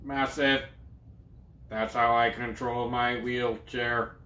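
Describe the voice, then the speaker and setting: A slow, flat synthesized-speech voice, put on by a man. Each word comes out even and deadpan. The sound is roomy and echoey. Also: mid-range voice. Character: slow flat synthesized-speech impression of a famous scientist, male.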